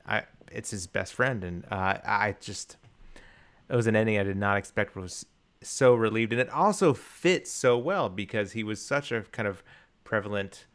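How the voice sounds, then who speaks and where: A man with a fairly low voice co-hosts a casual film podcast. He talks with eager enthusiasm, circles back often and fills gaps with "you know". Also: moderate pace, a bit bright. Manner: enthusiastic, rambling with many restarts and fillers. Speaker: podcast co-host.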